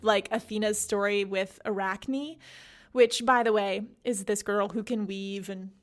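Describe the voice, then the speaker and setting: A woman's voice: medium pitch, fairly even intonation, a little slow. Chatty, giggly woman podcast host. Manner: chatty, giggly, heavy use of "like". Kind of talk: casual book recap.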